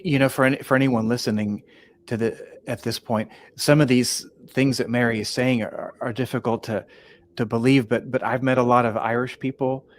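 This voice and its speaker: A male interviewer with a mid-range voice guides the conversation. He often stammers and restarts. He drops quick affirmations between the guest's answers. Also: mid-range voice, a little hiss or hum. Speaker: host. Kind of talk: podcast interview.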